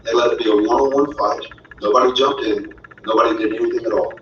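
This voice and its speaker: A man's voice: medium pitch, fairly even intonation, quick pace, a bit bright, slight background noise. A man telling his own story as a father, earnest and indignant. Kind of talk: personal storytelling. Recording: roomy, distant, dull audio.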